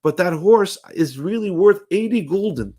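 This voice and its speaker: A man doing a brisk, persuasive innkeeper. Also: high-pitched, expressive, darkish tone, voice pushed up. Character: eager innkeeper selling a horse.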